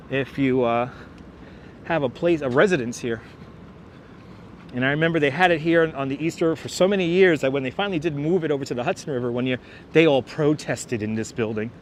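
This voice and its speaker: A man with a New York accent hosting a live walking tour outdoors, chatty and jokey, talking to his viewers on a clip-on mic. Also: fairly high pitch. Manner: chatty, jokey, addresses the chat. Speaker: livestream host. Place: outdoors on a city waterfront. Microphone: wireless clip-on mic. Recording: outdoor street noise from wireless mic.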